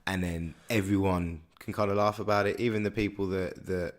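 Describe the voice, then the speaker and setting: Low-voiced Birmingham man chatting. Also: steady tone, a little fast. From Birmingham, England. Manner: rambling, hesitant, many restarts. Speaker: podcast co-host. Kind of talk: casual chat.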